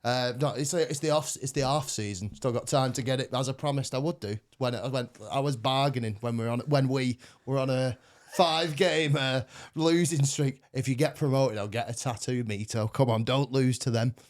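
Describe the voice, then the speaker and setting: A man's voice: mid-range voice, steady tone, moderate pace. Sweary, laughing podcast host man. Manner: rambling, sweary, laughs often. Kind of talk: casual podcast chat.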